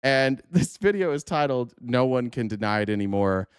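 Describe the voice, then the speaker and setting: A man's voice: mid-range voice, animated, normal speed, clear, resonant tone, dry recording, studio quality. A man hosting a livestream, reacting in casual, rambling commentary with swearing, laughter and many fillers. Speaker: livestream host.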